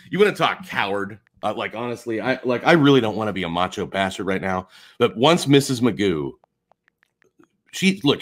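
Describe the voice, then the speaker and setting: A man's voice: mid-range voice, fairly bright tone. Heated profane male livestreamer. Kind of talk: live stream rant.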